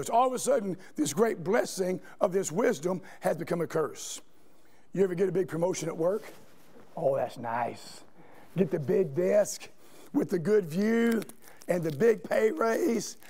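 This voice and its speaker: A man's voice: high-pitched, darkish tone. A man preaching a sermon in a church, telling stories and asking the congregation questions. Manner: storytelling, asks the congregation questions. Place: church sanctuary.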